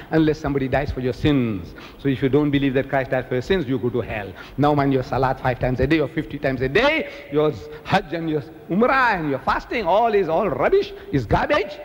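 An older man from South Africa giving an animated public lecture, telling stories and mimicking the people in them. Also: medium pitch, long reverb tail, a little hiss or hum. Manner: animated storytelling, mimicking others. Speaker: preacher.

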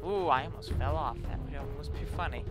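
A man giving excited, playful gameplay commentary on a let's play, taunting his opponent and shouting when things happen. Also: a little high, fairly quick, loud music behind the voice. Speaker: gamer doing a let's play.

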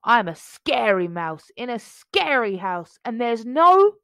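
A woman puts on a plucky little storybook mouse who squeaks brightly and firmly. His voice is high and bouncy, dry and close, and in no hurry. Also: big pitch swings, takes it slowly, no room sound, exaggerated voice. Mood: cheerful, firm. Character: small brave male mouse, cheerful and bossy.

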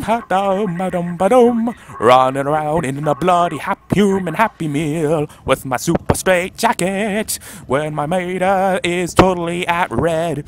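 A young man giving comedic gameplay commentary, goofy and jokey with loud shrieking outbursts. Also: fairly high pitch, a little hiss or hum. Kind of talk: comedic let's play commentary.

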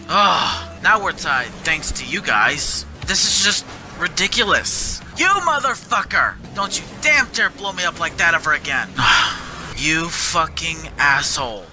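A man narrates his own gameplay in a high, swooping voice, cursing and ranting in constant anger. Game music plays clearly behind him the whole time. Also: expressive, a little slow. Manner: angry profane ranting, frequent cursing. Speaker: gamer. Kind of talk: gameplay commentary.

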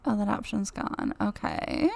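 A young adult woman hosting a life-sim Let's Play, chatting excitably and giggling as she plays. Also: mid-range voice, a little slow, gravelly. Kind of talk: game commentary.

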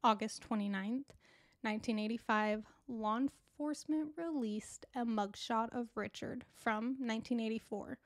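A woman's voice: on the high side, dry recording. Female true crime podcast host, casual and talkative, dry close sound. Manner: chatty and casual, with asides to listeners.

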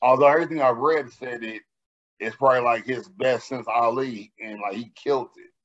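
A man co-hosting a podcast, telling stories in a profane, animated way during casual banter. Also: medium pitch, a little fast, dull audio. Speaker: podcast co-host.

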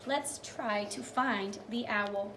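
A woman's voice: medium pitch, pushed and bright, a little hiss or hum. A young woman teacher reading a picture book to small children, sing-song and encouraging, praising each step and acting out animal sounds. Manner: drawn-out storytelling with animal sounds.

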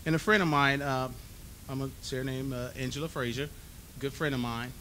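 Guy giving his hall of fame speech, bright ringing voice, faint rumble behind. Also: brisk. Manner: animated storyteller acting out dialogue. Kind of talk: storytelling acceptance speech. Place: banquet hall.

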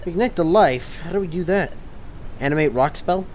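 A gamer voicing a brash, excitable crab creature that keeps repeating "hey, hey.". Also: mid-range voice, normal speed, a little hiss or hum, lightly acted. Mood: excited.

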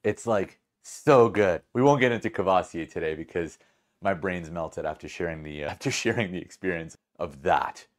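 A man hosting a podcast and telling a story casually, with an animated, rambling delivery full of self-corrections. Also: low-pitched, moderate pace. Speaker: podcast host.

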